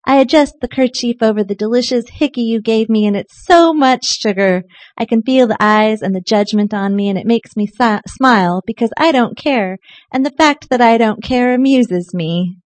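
A woman poet giving a live poetry reading, expressive in her poems and soft and chatty in the asides between them. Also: a little high, normal speed, dry recording. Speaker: featured poet. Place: poetry night venue.

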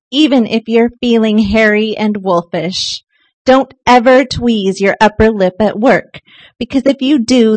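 A woman poet giving a live poetry reading, expressive in her poems and soft and chatty in the asides between them. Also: a little high, no echo. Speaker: featured poet. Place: poetry night venue.

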